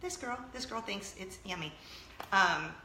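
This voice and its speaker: Lively, bright-voiced woman vlogger. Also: mid-range voice, measured pace, echoey room, slight background noise. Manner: animated storytelling, often laughing. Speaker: vlog host. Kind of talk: casual chat to camera.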